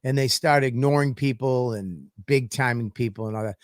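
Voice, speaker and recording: A man's voice: mid-range voice, normal speed, no echo, clean studio sound. A man, a comedian and podcast host, telling stories in a profane, ranting way in casual chat.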